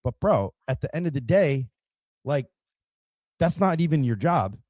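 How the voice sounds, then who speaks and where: A man's voice: on the high side, sing-song, a little slow, darkish tone, no echo. A man hosting a podcast who talks in a reflective way and often restarts as he searches for words. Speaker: podcast host. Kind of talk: casual podcast conversation.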